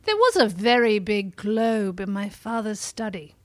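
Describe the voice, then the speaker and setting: A woman's voice: medium pitch, sing-song, measured pace, dry recording. A woman voicing a timid, old-fashioned little ghost boy who speaks in quaint, formal phrases. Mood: earnest. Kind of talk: improvised comedy character.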